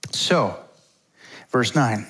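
A man's voice: medium pitch, lively intonation, extremely slow, a bit bright. A middle-aged man preaching a conversational sermon as pastor, informal and chatty. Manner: informal, chatty, acts out quotes.

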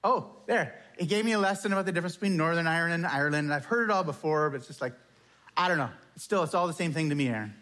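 Male pastor, slightly high voice, chatty and self-deprecating, casual storytelling sermon in church. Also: very fast, pushed and bright.

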